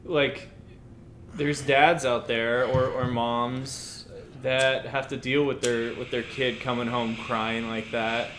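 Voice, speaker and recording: Podcast co-host, man, mid-pitched, earnest casual movie talk, faint room ambience. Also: little pitch movement, slow, a bit bright, a little hiss or hum. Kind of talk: casual movie review chat.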